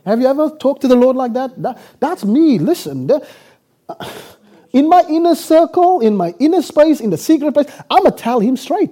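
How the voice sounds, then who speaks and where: Animated, mellow-voiced preacher man. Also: very high-pitched. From South Africa. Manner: animated, acts out dialogue with quick laughs. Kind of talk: sermon storytelling.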